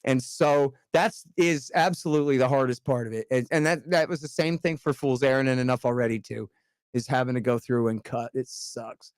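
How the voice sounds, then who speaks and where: A man in casual podcast chat as a guest author, talking in an animated, emphatic way with casual swearing. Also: medium pitch, brisk, smooth, no room sound, studio quality.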